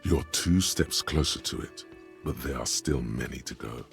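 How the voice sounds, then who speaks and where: A man voicing the deep, gravelly inner narrator of a detective game, speaking in grave, measured tones. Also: a bit bright, faint music behind, exaggerated voice.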